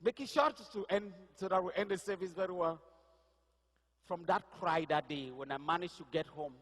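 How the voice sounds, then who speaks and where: A man's voice: fairly high pitch, fairly bright tone. A man telling a personal testimony as a sermon, vivid storytelling that builds to impassioned cries. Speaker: pastor. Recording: echoey hall reverb.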